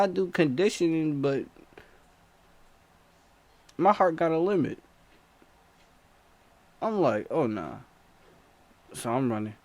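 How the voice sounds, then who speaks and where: A man telling a spooky personal story to camera, full of slang and repeated phrases. His voice sits at an ordinary male pitch, and he speeds up and circles back as he relives the chase. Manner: slangy, breathless retelling with repetition. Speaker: storyteller vlogger.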